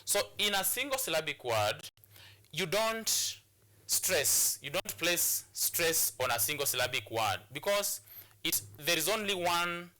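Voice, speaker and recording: Kenyan guy teaching english, sharp bright voice, kinda high, keeps restarting his sentences. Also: lively intonation, a little slow. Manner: repetitive, restarting phrases while explaining. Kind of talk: classroom lesson on English pronunciation.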